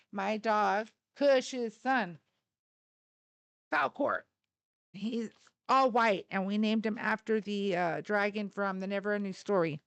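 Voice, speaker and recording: A woman talking casually to her livestream audience, rambling from one thing to the next. Her voice is smooth and resonant, and the sound is close and dry with no room echo. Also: medium pitch. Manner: chatty, rambling, addresses viewers as y'all. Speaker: livestream host.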